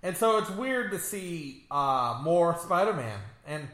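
A man with a notably high, bright voice co-hosts a casual movie review podcast. He rambles and jokes freely, laughing often. The room around him rings with echo. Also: lively intonation, unhurried. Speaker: podcast co-host.

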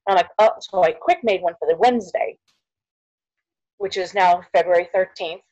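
Middle-aged woman, podcast guest, lively storyteller who acts out quotes and sinks to a near whisper. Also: lowish voice, moderate pace, lo-fi sound. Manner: animated storyteller, acts out quoted voices, drops to near whisper at hard moments. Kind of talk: personal storytelling interview.

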